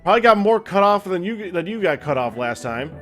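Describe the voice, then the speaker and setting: A man's voice: high voice, sing-song, a little fast, over music. A young man chatting casually on a stream, joking and teasing his co-host. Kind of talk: casual chat.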